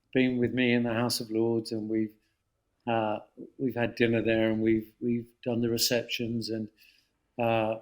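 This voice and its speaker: A man in his seventies from London's East End with a London accent, a guest telling lively anecdotes and slipping into voices. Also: medium pitch. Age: 70s. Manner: animated storyteller, slips into voices. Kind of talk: casual anecdote.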